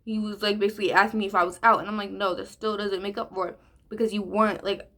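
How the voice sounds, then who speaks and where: A teenage girl telling a story in a chatty, animated way, with a lot of slang, while doing her makeup. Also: medium pitch, fast, background noise. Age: teens. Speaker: vlogger. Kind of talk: casual story time during a makeup tutorial.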